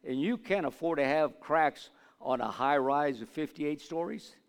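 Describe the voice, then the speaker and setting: A man preaching as a pastor, asking the congregation for amens and building to loud fervent declarations. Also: a little high, expressive, a little slow, gravelly, clear, resonant tone. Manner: repetitive call-and-response, asks for amens. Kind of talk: sermon. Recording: long hall reverb.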